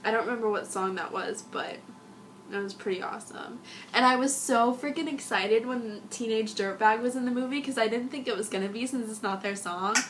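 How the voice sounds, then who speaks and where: A woman's voice: fairly high pitch, brisk, fairly bright tone, a little hiss or hum. Giggly young woman gushing, slightly sick. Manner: gushing, giggly, rambling with many likes. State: sick, husky. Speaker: vlogger. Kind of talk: casual fan review.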